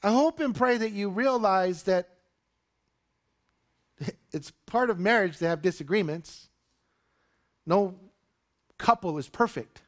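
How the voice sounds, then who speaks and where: A male pastor with a voice that sits high takes his time, pausing often. Preaching to his congregation in the church sanctuary, he tells a story with animation and acts out the voices of its characters.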